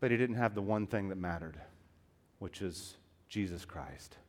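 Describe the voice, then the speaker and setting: A man preaching a sermon as pastor, with impassioned delivery that swings from hushed tones to loud emphasis and calls the listeners beloved and dear friends. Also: deep voice, animated, normal speed.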